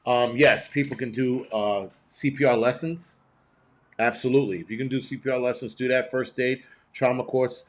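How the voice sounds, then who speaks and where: A man's voice: mid-range voice, steady tone, moderate pace. A man hosting a prepping show, giving blunt, profane, rambling live-stream commentary and reading chat messages aloud.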